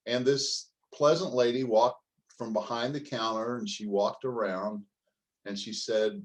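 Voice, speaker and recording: A man's voice: mid-range voice, measured pace, rough recording. An older man, a business coach, telling a story in a folksy, humorous way during a motivational talk.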